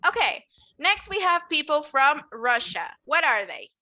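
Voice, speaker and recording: A woman's voice: sits high, sing-song, measured pace, bright, forceful tone. A woman teaching an English class, modeling words for the students to repeat and encouraging them. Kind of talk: classroom lesson.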